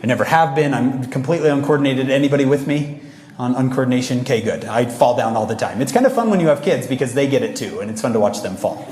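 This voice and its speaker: A man giving a motivational talk to a young audience, telling lively, self-mocking stories and often asking the crowd questions. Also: medium pitch, fast, slight background noise. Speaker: speaker. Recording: echoey large hall.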